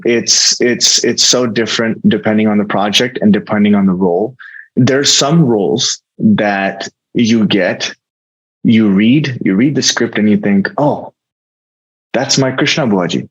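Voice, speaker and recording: A man's voice: lowish voice, unhurried, husky, lo-fi sound. A man with an American accent, an actor speaking as a guest in an interview, earnest and reflective, often restarting his sentences. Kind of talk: casual interview talk.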